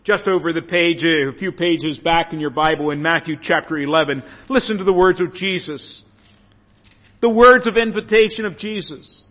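A man preaching a sermon, slow and earnest, stressing phrases by repeating them. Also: a little high. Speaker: pastor. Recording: dull sound with long hall reverb.

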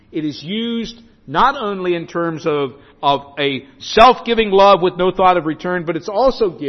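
A male preacher reading and explaining scripture emphatically, often restarting his phrases. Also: high voice. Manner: emphatic, with frequent restarts and stumbles. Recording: reverberant hall, dull lo-fi sound.

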